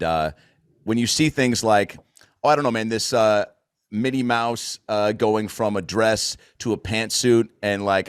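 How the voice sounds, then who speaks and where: Rambling loosely and swearing freely, an American man hosts a casual podcast chat. His voice is lowish and smooth, and the clean studio sound has no echo.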